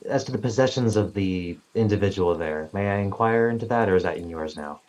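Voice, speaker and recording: A man's voice: low-pitched, fairly quick, darkish tone, slight background noise, close to an everyday voice. A man voicing a formal, overly polite male elf who speaks in stiff, courtly phrases. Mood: courteous.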